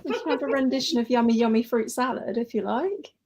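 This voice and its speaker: A woman's voice: fairly high pitch, fast talker, darkish tone. A woman guest in a casual book chat with a dry humor who laughs at herself.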